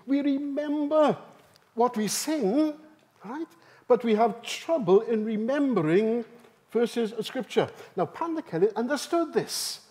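A man with a high, bright-pitched voice that swoops up and down as he leads a seminar. He takes his time and draws out key phrases. He keeps turning questions back to the people in the room. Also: slow. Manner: lively, emphatic, asks the audience questions. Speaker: seminar speaker. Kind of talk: conference seminar talk. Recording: live talk in a hall.

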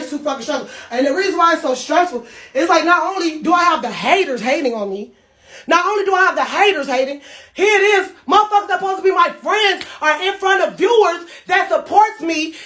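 A woman's voice: extremely high pitch, pushed and bright. A woman livestreamer ranting to her viewers, profane and heated. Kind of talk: livestream rant.

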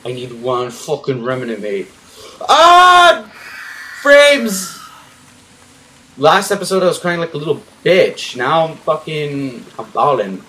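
A young man commentating a horror game as he plays, panicky and swearing, yelling at the enemies on screen. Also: on the high side, big pitch swings, a little slow. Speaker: gaming YouTuber.

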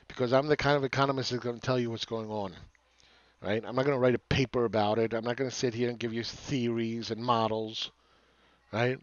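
A man's voice: mid-range voice, no room sound. A man in the middle of his range delivers a combative market rant, sarcastic and full of swearing, stumbling over repeated words as he presses his point. The sound is dull and lo-fi, close and dry with no room around it. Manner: repeats words and restarts phrases. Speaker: market commentator. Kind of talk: ranting market commentary.

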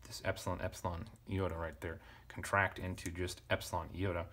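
Deep-voiced man teaching ancient Greek. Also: level tone, fairly quick, fairly bright tone. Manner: thinking aloud, self-correcting, casual asides. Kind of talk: relaxed verse-by-verse parsing lesson.

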